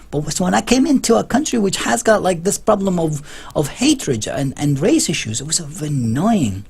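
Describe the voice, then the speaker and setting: A man with a husky, slightly raspy voice that sits a little higher than most men's. He rambles through a casual vlog with frequent restarts and swings into emphatic bursts. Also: darkish tone. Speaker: vlogger.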